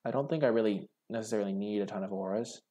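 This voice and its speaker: Young male game host, lowish voice, casual think-aloud draft commentary with lots of fillers. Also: quick pace, mellow. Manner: musing, hesitant, many "like" fillers. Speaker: card game video host.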